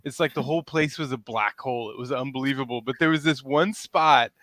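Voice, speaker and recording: A man's voice: medium pitch, a little fast, a bit bright, dry recording. A man in his forties telling stories in a casual podcast chat, rambling and laughing often. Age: 40s. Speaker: podcast co-host.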